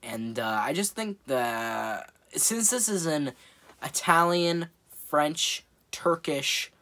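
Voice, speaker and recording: A man's voice: a little high, expressive, takes it slowly, pushed and bright. A man giving a casual, rambling movie review, amused, often laughing and swearing.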